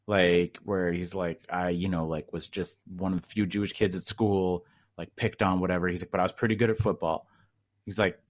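A man's voice: sits low, brisk. A man telling a long story in casual chat, rambling with lots of fillers.

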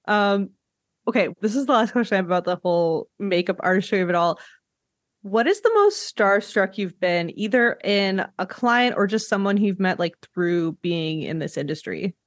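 A woman's voice: medium pitch, lively intonation, normal speed, no echo, studio quality. A woman hosting a podcast, talking casually with lots of fillers over a video call. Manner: breezy, filler-heavy talk with laughs. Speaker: podcast host. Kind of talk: casual chat.

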